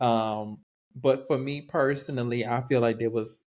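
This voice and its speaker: A man co-hosting a podcast, playful and teasing, with animated reactions. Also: medium pitch, measured pace. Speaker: podcast co-host. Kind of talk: casual podcast chat.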